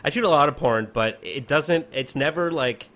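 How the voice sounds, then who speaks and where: A man's voice: a little high, moderate pace, a bit bright. A man co-hosting a casual podcast, rambling and laughing at himself. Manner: self-deprecating, laughing, rambling. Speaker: podcast co-host and camera operator.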